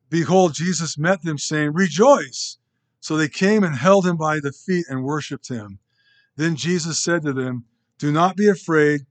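Man teaching a casual Bible study. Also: fairly high pitch. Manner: informal, asks the group rhetorical questions; reads scripture aloud between comments.

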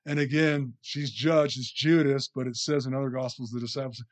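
A man's voice: mid-range voice, flat delivery, normal speed, hardly any pauses. A man preaching a conversational sermon, often checking in with the listeners with "you know" and "right?".

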